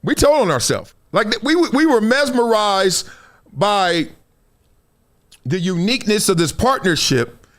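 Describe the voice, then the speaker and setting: A middle-aged man hosts a live commentary stream in a high, lively voice that jumps all over the place. He reads items aloud, then breaks off into loose, slangy riffs full of laughter. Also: measured pace. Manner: animated, laughing, slangy asides. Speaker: host.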